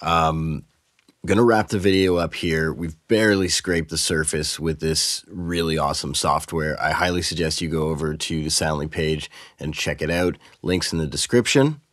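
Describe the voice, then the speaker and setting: A man hosting his channel who reviews sound-design software in a casual, excited way, using a shotgun mic. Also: rumbling low, normal speed, dry recording, clean studio sound. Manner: excited, enthusiastic. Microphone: shotgun microphone.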